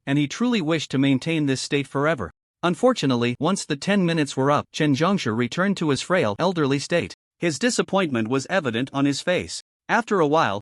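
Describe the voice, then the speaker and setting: Lively male story narrator. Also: on the high side, no room sound, studio quality.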